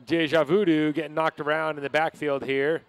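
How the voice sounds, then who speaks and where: An announcer calling roller derby action live in brisk play-by-play. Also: mid-range voice, level tone, smooth, dry recording, some chatter behind. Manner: brisk play-by-play of skater moves. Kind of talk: live sports commentary.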